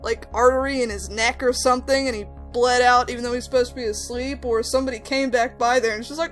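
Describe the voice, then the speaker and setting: Animated young woman telling game stories. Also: fast, few pauses. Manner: animated storyteller, rising to high exclamations. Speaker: host. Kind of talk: casual game discussion. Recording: faint background music.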